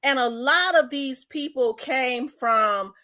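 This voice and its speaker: A woman's voice: sits high, slow pace, sharp tone. Fired-up Memphis woman ranting bluntly. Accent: Memphis Southern US. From South Memphis, Tennessee. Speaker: host. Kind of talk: opinion commentary vlog.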